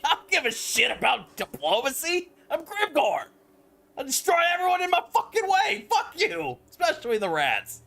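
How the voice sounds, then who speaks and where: A man voicing a brutish, boastful male orc warlord who yells profanity and laughs through it. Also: extremely high pitch, wildly swooping pitch, moderate pace, vocal fry, pitched above the performer's own voice, heavily acted. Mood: gloating.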